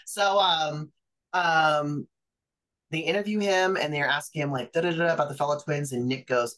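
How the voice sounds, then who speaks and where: A man's voice: fairly high pitch, steady tone, moderate pace, fairly bright tone, rough recording. A man, a pro wrestler guest, telling stories from his career in a chatty way, full of fillers and acted-out quotes. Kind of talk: casual storytelling interview.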